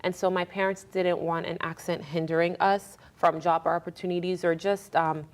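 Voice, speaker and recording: Young woman guest from Congo, lowish voice, chatty and animated. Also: moderate pace. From Democratic Republic of Congo. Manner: animated storyteller, acts out family dialogue. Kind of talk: casual interview chat.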